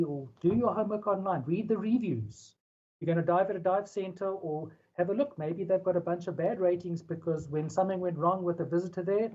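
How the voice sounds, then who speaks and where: Conversational presenter with a mellow, husky voice. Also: mid-range voice, dull audio. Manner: conversational, frequent "you know" fillers, rising emphatic starts. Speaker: presenter for a dive safety organization. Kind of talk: webinar presentation.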